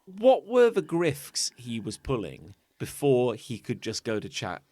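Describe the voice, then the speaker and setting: A man co-hosting a podcast in casual, profane chat, his pitch swinging widely as he rambles through fillers and restarts. The sound is dry and close. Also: huge pitch swings, measured pace, darkish tone, no echo. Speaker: podcast co-host.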